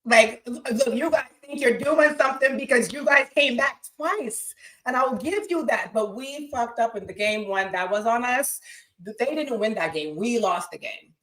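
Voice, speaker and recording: Excitable woman hosting sports talk. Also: a little high, normal speed, rough recording. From Boston. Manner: excitable, blunt, swears freely. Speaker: podcast host. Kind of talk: casual sports talk to a live chat.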